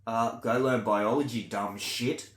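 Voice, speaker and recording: A man with an Australian accent in a blunt, sweary rant to camera, swinging between loud outbursts and low mutters. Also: fairly even intonation, unhurried, echoey room. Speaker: vlogger. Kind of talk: ranting monologue to camera.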